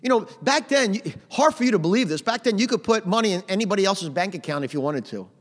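A middle-aged man preaching a sermon in a conversational way, punching out phrases loudly and adding "amen". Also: high-pitched, expressive, fast talker. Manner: conversational preaching with sudden loud emphatic phrases and frequent "amen". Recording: long hall reverb.

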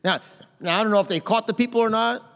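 High-voiced man preaching in a reverberant hall. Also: quick pace, creaky. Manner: conversational preaching with sudden loud emphatic phrases and frequent "amen". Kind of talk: sermon.

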